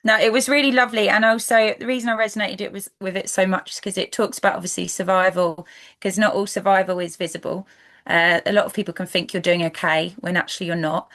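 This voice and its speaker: A woman with a Brighton accent, a guest coach in a podcast interview, speaking softly and hesitantly with many fillers. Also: medium pitch, level tone, fast. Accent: Brighton English. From England.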